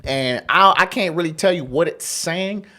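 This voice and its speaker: A man's voice: a little high, moderate pace, pushed and bright. A man hosting a casual podcast interview, talking in a slangy, laid-back way and often tossing in "you know what I'm saying.". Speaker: podcast host.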